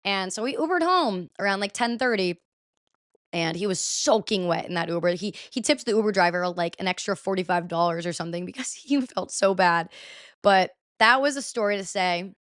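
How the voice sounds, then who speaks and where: A young woman in her twenties tells a story to her podcast listeners in a loose, chatty way, swearing now and then and leaning on "like" constantly. Her voice is smooth and clear, recorded close and dry with no room around it. She sits at a middling pitch. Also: normal speed, a bit bright, dry recording. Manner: chatty, swears freely, lots of "like". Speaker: podcast host. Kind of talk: casual storytelling.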